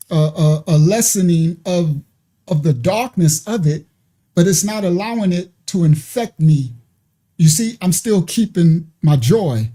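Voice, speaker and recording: Man commentator, warm, dark tone, preachy but casual, lots of "you understand?". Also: high voice. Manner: preachy, conversational, with frequent asides and checks like "you understand?". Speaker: online ministry commentator. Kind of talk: commentary reacting to played clips.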